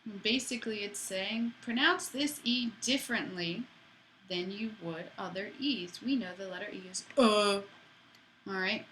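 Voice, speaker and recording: A woman's voice: mid-range voice, normal speed, sharp tone, slight background noise, poor audio. A woman teaching a French lesson to students in a chatty way, with playful asides. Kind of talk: classroom lesson.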